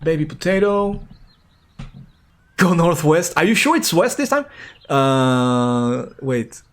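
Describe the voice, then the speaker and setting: A man with a higher-pitched, animated voice streams a game, taking his time as he talks. He's chatty and playful, reacting out loud to whatever happens on screen.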